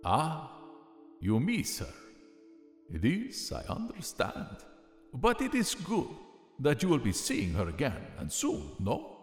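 A man's voice: medium pitch, huge pitch swings, slow, in a large hall, faint music behind, pitched above the performer's own voice, exaggerated voice. A man voicing a friendly, enthusiastic male fruit bat who speaks with formal, old-fashioned courtesy, in a storybook reading. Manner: formal old-fashioned phrasing, gently curious. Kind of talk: audiobook character voice.

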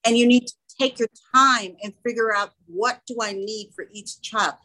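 A woman who runs a small school talks in a relaxed interview. She tells earnest, animated stories and acts out the other people's lines as she goes. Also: a little high, moderate pace, poor audio. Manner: earnest, animated storytelling with quoted dialogue. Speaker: small school or daycare founder. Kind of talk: casual interview chat.

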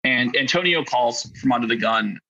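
A man's voice: mid-range voice, expressive, normal speed, pushed and bright, highs cut off. A man casually telling a rambling story about poker hands, full of fillers and self-deprecating asides. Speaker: poker player guest.

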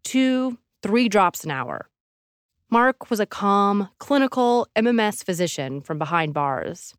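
A woman hosting a podcast, giving measured, dramatic scripted narration. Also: mid-range voice, sing-song, smooth, dry recording, clean studio sound. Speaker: podcast host.

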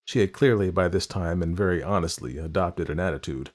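Reading a classic novel aloud, a male audiobook narrator keeps a measured, literary delivery. His voice sits low, and he paces the long, winding sentences with care.

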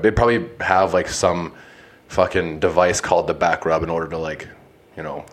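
A young man hosting a casual game chat, blunt and swearing often in quick bursts. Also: low voice, fairly even intonation.

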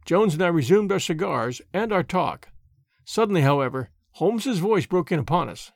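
A man narrating a story aloud as an audiobook reader, in an even, measured way. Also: fairly high pitch, gravelly, dry recording, studio quality.

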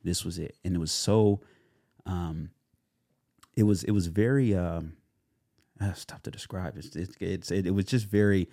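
A young man speaks as an interview guest, his voice low and deep with a warm, mellow tone. He tells his story in a loose, animated way, full of fillers, and acts out what people said to him. The sound is dry and close. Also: normal speed, long pauses, dry recording. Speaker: guest, actor.

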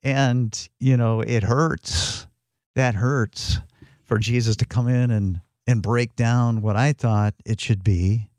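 Measured male co-host, dry sound. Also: medium pitch, fairly even intonation, a little mellow, no room sound. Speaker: podcast co-host. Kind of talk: casual reflective chat.

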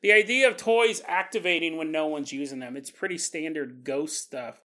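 Bright-voiced man telling ghost stories. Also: on the high side, normal speed. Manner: animated, laughs often, acts out quotes. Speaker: podcast host. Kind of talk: casual storytelling podcast.

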